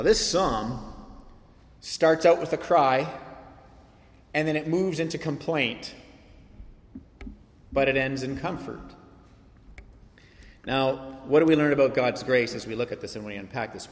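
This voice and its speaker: A man's voice: mid-range voice, measured pace, pauses often. A male pastor in his thirties preaching a sermon with earnest, emphatic delivery and rhetorical questions. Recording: long hall reverb.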